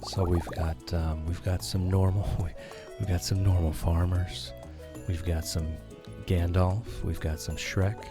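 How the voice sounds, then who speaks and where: A man giving slow, soothing, soft-spoken commentary while playing a game for sleepy viewers. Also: sits low, level tone. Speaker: streamer. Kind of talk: calm gameplay commentary for sleep. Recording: background music.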